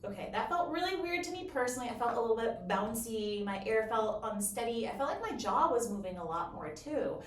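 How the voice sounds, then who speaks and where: A woman explaining bassoon technique in a clear, encouraging, step-by-step way. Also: expressive, brisk, hardly any pauses. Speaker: bassoon teacher. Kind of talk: instructional explanation. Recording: roomy echo, from a distance.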